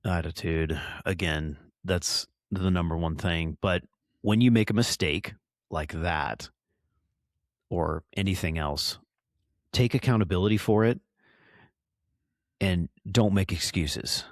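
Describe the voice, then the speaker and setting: Deep-voiced male co-host, steady advice, dry close-mic sound. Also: slow, pauses often, no echo. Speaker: podcast co-host. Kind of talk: casual podcast chat.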